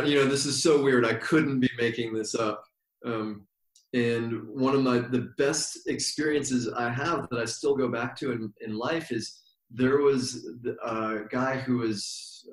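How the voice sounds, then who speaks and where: Reflective man in a roomy space. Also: medium pitch. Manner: reflective, meandering, slows down for emphasis. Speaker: yoga teacher, podcast guest. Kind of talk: relaxed storytelling interview. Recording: roomy echo.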